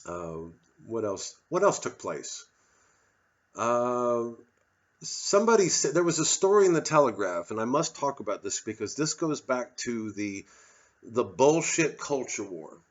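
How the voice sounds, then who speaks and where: A man's voice: medium pitch, big pitch swings, unhurried. Male comic, angry sardonic rant, profane, somewhat muffled audio. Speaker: comedian doing a solo show. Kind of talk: ranting monologue. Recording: slightly dull lo-fi audio.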